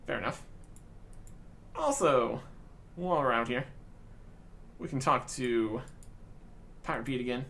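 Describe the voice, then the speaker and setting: A man's voice: medium pitch, unhurried, vocal fry, long pauses, sharp tone. A man hosting a gaming video, making wry, joking asides while reading quest dialogue. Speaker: gaming channel host. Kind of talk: casual gameplay commentary.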